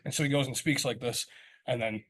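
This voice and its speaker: A male podcast co-host in loud, joking, casual chat, swearing freely. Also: medium pitch, fairly even intonation, brisk, husky.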